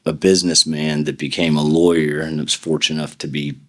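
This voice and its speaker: A very deep-voiced middle-aged man, a defense attorney, talks casually as an interview guest. He tells rambling stories and acts out quotes from the people in them. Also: flat delivery, brisk, a bit bright. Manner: rambling anecdotes with acted-out quotes.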